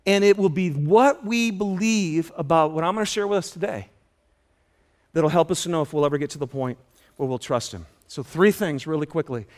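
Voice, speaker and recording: Male pastor, high voice, animated sermon storyteller who shouts out quoted lines. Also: moderate pace. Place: auditorium.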